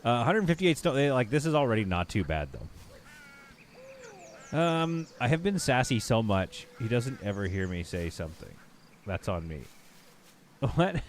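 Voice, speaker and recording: Male streamer, relaxed banter, thinks aloud and restarts often, animated delivery over game music. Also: medium pitch, moderate pace, slight background noise. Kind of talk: casual live-stream commentary while playing. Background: background game music.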